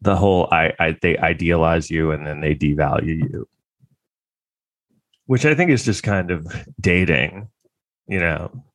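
A man's voice: sits low, unhurried, long pauses, no room sound. A man delivering a comedic monologue in a crude, sarcastic, rambling way, full of fillers and restarts.

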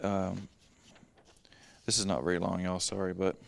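A man's voice: deep voice, flat delivery, normal speed, gravelly. A man giving a casual Bible teaching, reading verses aloud and then explaining them in plain, conversational talk.

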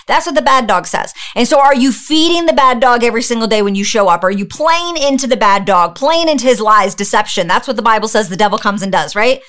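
Energetic preachy woman podcast host. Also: a little high, fairly quick, hardly any pauses. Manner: energetic, preachy, talks straight to the listener with rhetorical questions. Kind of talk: motivational podcast monologue.

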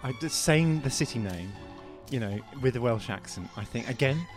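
A man's voice: mid-range voice, expressive, normal speed. A man co-hosting a music podcast, talking in a chatty, playful, self-deprecating way. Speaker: podcast co-host. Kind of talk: casual chat about classical music.

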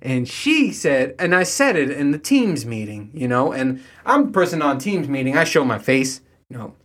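A man's voice: medium pitch, very animated, normal speed, a bit bright. A young adult man telling rambling, profane stories in a casual monologue to his listeners, with exasperated asides. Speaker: solo podcast host.

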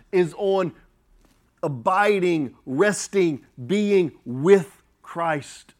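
A man preaching a sermon as pastor, slow and emphatic, swelling and dropping his volume. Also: sits high.

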